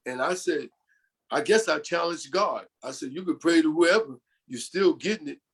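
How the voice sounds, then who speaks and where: An older man from New York speaks as a podcast guest with a somewhat high voice. He rambles through personal stories and keeps slipping into quotes of what others told him. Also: normal speed, husky. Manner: rambling, often quoting others. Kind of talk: storytelling in an interview.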